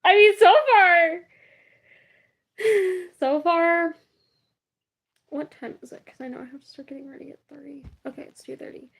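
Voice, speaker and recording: Young woman, high voice, casual livestream chat, rambling, giggly. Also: unhurried, long pauses. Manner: rambling and chatty, laughs often.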